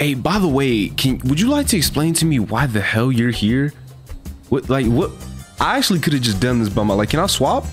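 A young man giving casual, excitable gameplay commentary, joking and trash-talking. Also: lowish voice. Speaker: gaming video host.

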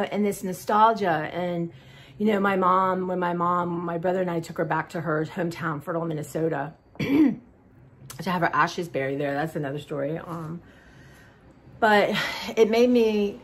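A woman in her fifties chatting casually to her viewers, rambling and warm with drawn-out "y'all"s and sighs. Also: on the low side. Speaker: vlogger. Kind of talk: casual haul chat.

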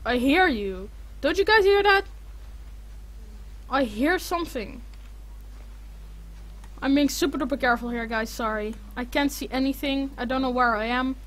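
A woman's voice: high-pitched, normal speed, long pauses, fairly bright tone. A woman playing a horror game, panicking, swearing and muttering to herself as she goes. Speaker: gaming streamer. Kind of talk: horror game let's play commentary.

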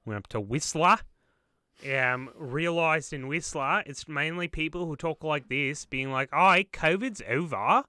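A young man with a bright, forceful voice that comes through smooth and crisp, close and dry. He jokes and teases his co-host in a loose, animated podcast chat. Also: fairly high pitch, unhurried, dry recording. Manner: joking, animated, teasing. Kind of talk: casual chat.

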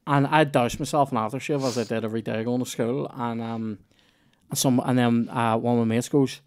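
A man's voice: mid-range voice, flat delivery, fairly quick, a little mellow, clear, resonant tone. A man hosting a comedy podcast, telling rambling, sweary anecdotes full of restarts. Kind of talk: casual storytelling chat.

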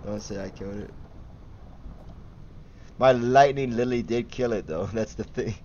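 A man's voice: on the low side, moderate pace, dull audio, slight background noise. A young man giving casual, giggly commentary while livestreaming a game and chatting with viewers. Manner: giggly, easily excited, chatty with chat. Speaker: gaming livestreamer.

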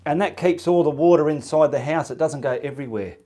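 A slightly high-voiced painting instructor talks fast against a noisy background during a live demonstration. Chatty and casual in his indoor home studio, he talks as he works and mutters to himself between steps.

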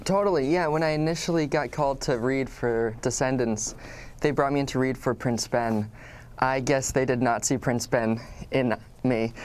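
A male actor answering interview questions in a relaxed, chatty way, often breaking into laughs. A faint hum of room ambience sits under his voice, and his pitch sits in a middle range. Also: normal speed. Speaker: actor guest.

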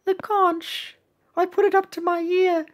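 A woman voicing a small, eager cookie child in a high, admiring voice, reading game cutscenes aloud. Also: little pitch movement, unhurried.

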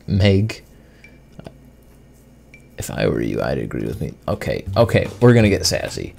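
Male gamer host, dry sarcastic commentary, unhurried delivery with a lively, swinging pitch. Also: vocal fry, breathy edge. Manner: sarcastic, mock-offended banter with on-screen characters. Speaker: gaming video host. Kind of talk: gameplay commentary, reading game text aloud.

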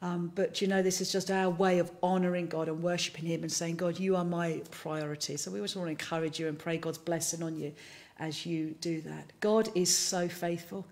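A woman's voice: on the low side, steady tone, brisk, a little mellow. A woman leading an online church service, talking in a chatty, playful way as she closes with giving, prayer and a blessing. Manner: chatty and playful, talks while eating biscuits. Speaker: service leader. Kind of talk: casual closing remarks to an online congregation.

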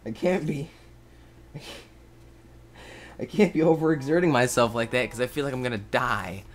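A young man giving casual gameplay commentary, swinging from tired mutters and whispers to sudden yells, swearing freely and talking to his viewers. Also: mid-range voice, normal speed, a little hiss or hum. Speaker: gaming video host.

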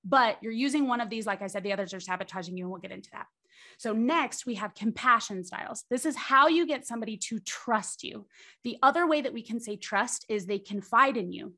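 A charisma coach appears as a podcast guest, explaining things animatedly in interview fashion, acting out quoted voices and ending points with "right?". Her voice is a little high, pushed and bright.

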